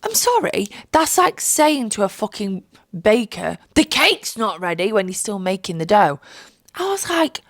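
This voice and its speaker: Foul-mouthed young woman, gravelly voice. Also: medium pitch, a little slow, dry recording, studio quality. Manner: animated, sweary storytelling with mocking voices. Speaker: vlogger. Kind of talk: storytime vlog.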